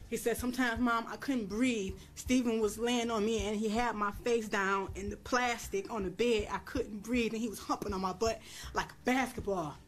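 A woman's voice: on the high side, steady tone, moderate pace, hardly any pauses. A woman testifying in a courtroom, blunt and profane, raising her voice when she re-enacts what was said. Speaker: defendant at a plea hearing.

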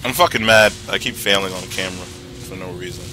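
A young man giving excitable, profane commentary while playing a video game, talking back to the characters on screen. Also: deep voice, fast talker. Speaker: gameplay commentator. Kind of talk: let's-play commentary. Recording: game music behind voice.

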